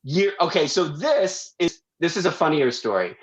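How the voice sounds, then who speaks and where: A man, a guest on a talk show, telling a long family story in a casual, animated way and acting out the voices of the people in it. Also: on the high side, moderate pace, lo-fi sound.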